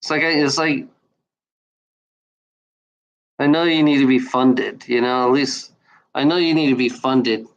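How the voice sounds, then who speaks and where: A man vents in a loose, unscripted video rant. He speaks bluntly and swears often, stumbling through restarts and fillers. His voice sits at an ordinary middle pitch. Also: normal speed, dull audio. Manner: blunt, profane, repeats himself with many fillers. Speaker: video maker.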